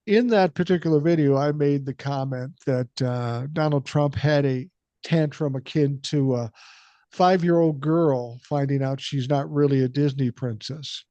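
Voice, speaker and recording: A man's voice: mid-range voice, a little slow, mellow, no echo, dull audio. Blunt older man with a cold. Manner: blunt, profane, storytelling. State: has a cold. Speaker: podcast host. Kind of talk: casual podcast chat.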